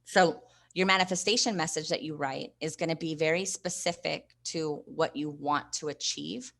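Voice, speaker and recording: Low gravelly woman coaching live online. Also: moderate pace, fairly bright tone. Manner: encouraging, coaching, reads viewer comments aloud. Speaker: host and investing coach. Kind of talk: live online training session.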